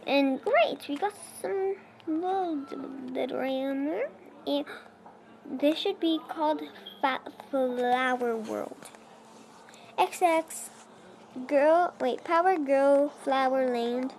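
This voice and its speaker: A woman's high, darkish voice takes its time here, as a young let's play creator casually chats and mutters to herself while playing a block-building game. Her phrasing is non-native and rambling. The recording is low quality, with slight background noise.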